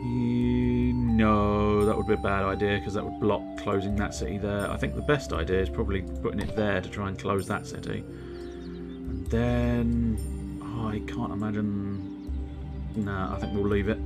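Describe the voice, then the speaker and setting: A man's voice: lowish voice, fairly even intonation, normal speed, music in the background. A man casually commenting on a board game he plays live, chatty and self-mocking, with plenty of swearing. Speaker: livestreamer playing board games. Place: at home.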